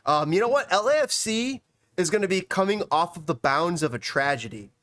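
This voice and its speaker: Excitable high-voiced man on a podcast. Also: fairly quick, no echo. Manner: excitable, rambling, breaks into shouts. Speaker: guest. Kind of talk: casual podcast chat.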